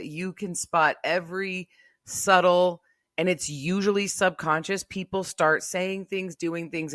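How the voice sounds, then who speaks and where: A woman co-hosting a podcast in casual chat, chiming in with quick affirmations and then explaining at length. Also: deep voice, fairly bright tone, dry recording, studio quality. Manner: conversational, quick affirmations, laughs along. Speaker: podcast co-host.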